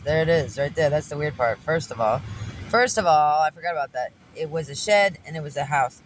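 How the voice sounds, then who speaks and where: A woman telling a story in a loud, animated, profane way, recorded in a car. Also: sits low, a little fast, a little hiss or hum, low-quality recording. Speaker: delivery driver and vlogger. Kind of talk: casual storytelling.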